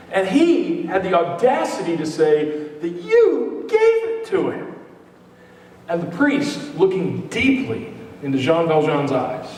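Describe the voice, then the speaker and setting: A man's voice: high-pitched, darkish tone, a little hiss or hum. A man preaching a sermon as pastor, talking in a loose, conversational way with joking asides to the congregation. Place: church sanctuary. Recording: echoey hall, mic at a distance.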